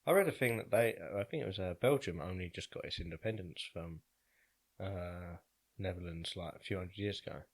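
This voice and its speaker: A man's voice: low-pitched, brisk. A man co-hosting a podcast, musing aloud and unsure of his facts. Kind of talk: casual chat.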